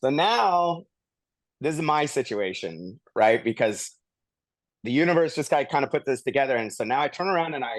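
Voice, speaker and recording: A man's voice: medium pitch, normal speed, no room sound. A man hosting a podcast, telling a story casually and animatedly, chuckling and acting out quotes. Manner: animated retelling with laughs and acted-out quotes. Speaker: podcast host. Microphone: studio podcast mic.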